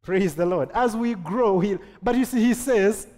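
Animated preacher in a reverberant hall. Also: male voice, high voice, normal speed. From Kenya. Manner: animated preaching with jokes and acted-out quotes. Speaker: pastor. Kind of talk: sermon.

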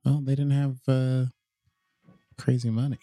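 A man's voice: medium pitch, level tone, unhurried, heavy background noise. A man co-hosting a casual watch-along podcast, playful and jokey, tossing in quoted lines and goofy voices. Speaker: podcast co-host.

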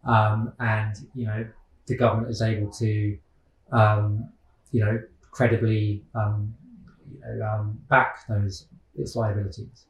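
A man's voice: on the low side, level tone, a little slow, reverberant, muffled recording, slight background noise. A man answering interview questions about the economy in a casual, hesitant way, with many fillers and restarts. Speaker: guest economist.

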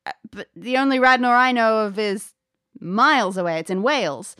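A woman's voice: on the high side, expressive, moderate pace, pushed and bright, clean tone, no echo, studio quality. A woman doing a muffled, formal 1600s lady scholar. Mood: earnest. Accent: 1600s mix of English and American. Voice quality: muffled through a door. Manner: old-fashioned, formal, urgent pleading.

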